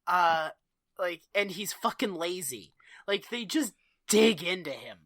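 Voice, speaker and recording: A woman's voice: lowish voice, a little slow, dry recording, studio quality. A woman co-hosting a podcast, recapping an old sitcom episode in casual comedic chat, laughing often. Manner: animated, laughing, breaks into goofy character voices. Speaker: podcast co-host.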